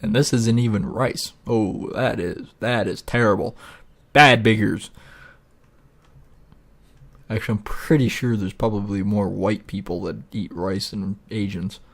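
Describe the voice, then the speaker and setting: A man's voice: on the low side, measured pace, fairly bright tone. A man hosting a gaming video, rambling and ranting with plenty of swearing in casual gameplay commentary.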